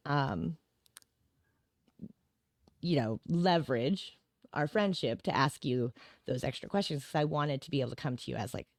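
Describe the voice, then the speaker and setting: A woman with a notably low, deep voice talks as a podcast guest. Her speech rambles, full of "like" and "right?" and easy laughter. The sound is dry and close, with no room echo. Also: normal speed, long pauses, a little mellow. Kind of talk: casual chat.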